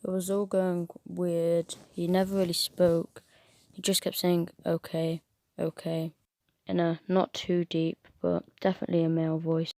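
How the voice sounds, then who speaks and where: A woman tells a first-person horror story in a steady, even reading manner. Her voice sits low and hardly rises or falls, and the recording is dry with no room sound. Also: moderate pace, no room sound.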